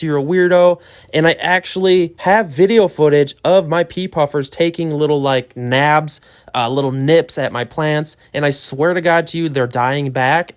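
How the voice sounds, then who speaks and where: A man hosting his own fishkeeping channel, talking in a hyped, rambling way with lots of fillers and self-mocking asides. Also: on the high side. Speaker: aquarium channel host. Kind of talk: casual vlog talk.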